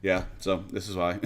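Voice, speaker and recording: A man's voice: on the low side, a bit bright. Rambling Irish man on a livestream. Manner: rambling, chatty, laughs often, swears casually. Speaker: livestream host. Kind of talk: casual reaction stream chat. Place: home, pets nearby. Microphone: USB condenser desk mic.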